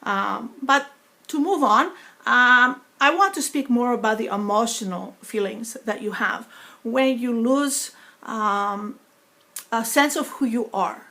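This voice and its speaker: Halting bright-voiced woman with a foreign-sounding accent. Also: fairly high pitch. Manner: halting, with many pauses and fillers. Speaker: vlogger. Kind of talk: personal vlog talk.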